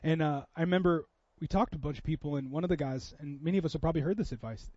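Animated pastor, high-pitched man. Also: very fast, no room sound, muffled recording. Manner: animated storytelling, swings from loud to soft. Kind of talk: sermon.

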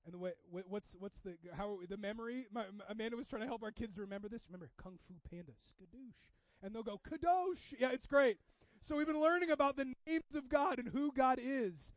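A male pastor preaching a sermon, moving between hushed, quiet passages and loud, impassioned ones. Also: extremely high pitch, fast talker, hardly any pauses, dry recording, dull audio.

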